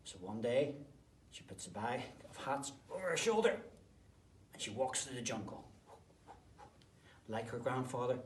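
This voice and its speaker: A man, a teacher, telling a story to children, swinging between whispered asides and sudden loud bursts. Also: mid-range voice. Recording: roomy, distant mic, faint background noise.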